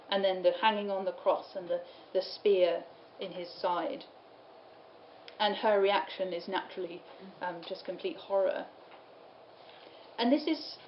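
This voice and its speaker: A woman giving a lecture at a study day, explaining medieval poems and reading lines aloud, with an easy laugh now and then. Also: mid-range voice. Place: lecture room. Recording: roomy, dull, with faint room noise.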